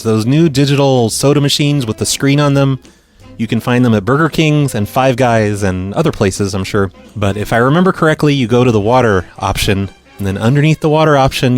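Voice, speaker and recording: A man hosting a call-in show, talking loosely and rambling at a middling pitch. He trails off into self-deprecating shrugs and drops dry one-liners between stories. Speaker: host of a prank call show. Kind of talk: casual radio-style chat.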